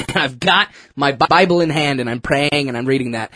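A man telling a personal story in a casual, animated, self-mocking way, with lots of restarts. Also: mid-range voice, normal speed, slight background noise. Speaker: churchgoer sharing a testimony.

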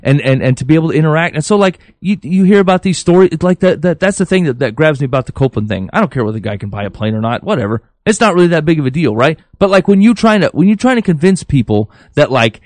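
A man's voice: fairly high pitch, animated, fast, few pauses, a little mellow, no room sound. A man co-hosting a podcast, giving his views earnestly, thinking aloud with many fillers and restarts. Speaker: podcast co-host. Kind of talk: casual opinion chat.

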